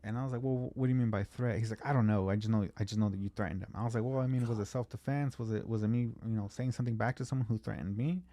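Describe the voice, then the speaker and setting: A man's voice: on the low side, steady tone, rapid-fire, few pauses, warm tone, no echo. A man from California telling a long story in casual podcast chat, swearing freely and acting out both sides of the conversation.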